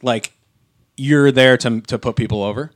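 A man's voice: medium pitch, moderate pace, dry recording. A man co-hosting a podcast in casual chat, rambling with many fillers and restarts on a close mic. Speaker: podcast co-host.

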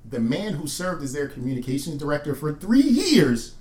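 A man co-hosting a podcast, chatting casually with dry, expressive asides. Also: a little high, normal speed, echoey room. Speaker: podcast co-host.

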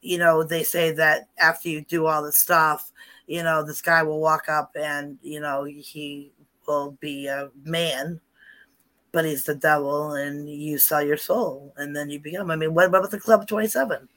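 A woman's voice: low-pitched, flat delivery, measured pace, fairly bright tone. A woman in casual chat, animatedly telling paranormal stories with lots of repetition and asides.

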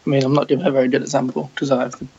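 A man from England with a standard British accent, a guest on a casual podcast, talking in a relaxed, hesitant way with lots of ums. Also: mid-range voice, very fast, muffled recording, over a noisy crowd.

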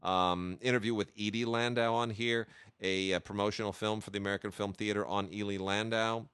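A man hosts a casual chat about films, keen and full of hesitations. His low voice is bright and resonant. The recording is dry and close. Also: steady tone, a little fast, smooth, no echo. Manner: enthusiastic, with many hesitations and restarts. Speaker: podcast host reviewing film releases.

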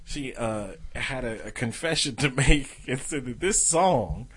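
Co-host, man, forties, husky, animated storyteller. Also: medium pitch, a little slow. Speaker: podcast co-host. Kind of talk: casual chat.

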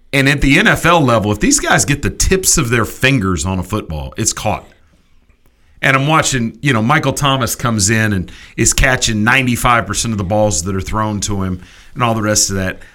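A man hosting a sports talk show, ranting in an animated, emphatic way with quick restarts. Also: on the low side.

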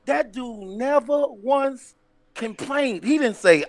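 A man co-hosting a casual podcast chat, animated and laughing as he acts out what others said. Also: very high-pitched, takes it slowly. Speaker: podcast co-host.

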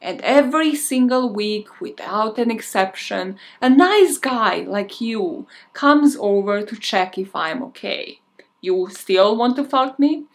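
A cold, vengeful young woman picks her words with cutting sarcasm , as a woman plays her. The voice is slightly high and stays controlled and pointed. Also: lively intonation, takes it slowly.

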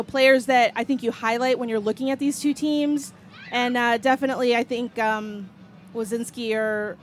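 A woman with a slightly high voice chats as a guest reporter on a pregame show outdoors at a stadium. She weighs her answers casually and hedges her predictions. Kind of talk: casual chat.

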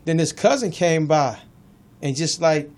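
Man, talk radio co-host, loud heated arguing, somewhat high voice, AAVE speech. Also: lively intonation, measured pace, crowd noise. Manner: storytelling, cuts in, acts out quotes. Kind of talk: heated casual debate.

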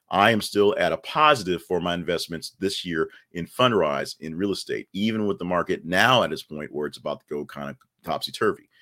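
Deep-voiced chatty male news host. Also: fairly bright tone. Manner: chatty, rambling, wry asides. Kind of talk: casual news rundown and ad read.

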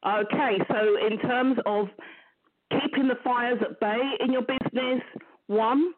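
A woman's voice: fairly high pitch, steady tone, a little slow, a little hiss or hum. A woman with a London accent, a business mentor guest, chatting upbeat on a live show over a remote call. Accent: London English. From England. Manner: chatty, upbeat, repeats phrases. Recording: tinny phone-like line.

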